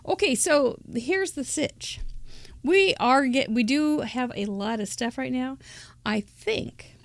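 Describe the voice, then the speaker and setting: A woman's voice: sits high, animated, slow, no room sound. An older woman hosting a live crafting show, chatting casually and giggling as she thinks aloud. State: out of breath.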